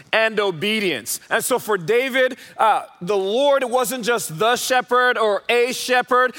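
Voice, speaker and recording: A man's voice: sits high, pushed and bright. A man preaching a sermon in a church hall, earnest and emphatic, repeating key phrases. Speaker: pastor. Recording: long hall reverb.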